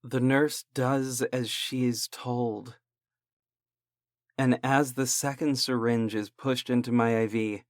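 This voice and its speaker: A man narrating a horror story in a slow, deliberate, dramatic way. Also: mid-range voice, no room sound, clean studio sound.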